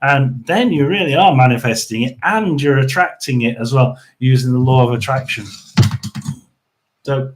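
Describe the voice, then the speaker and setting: A man hosting a tarot and paranormal live stream, chatting casually, rambling with lots of restarts and throat-clearing. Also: mid-range voice, normal speed. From United Kingdom.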